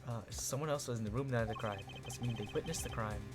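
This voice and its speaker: A streamer doing live gameplay commentary, reading dialogue aloud with excitable outbursts that swing between muttering and shouting. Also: medium pitch, very fast. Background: game music.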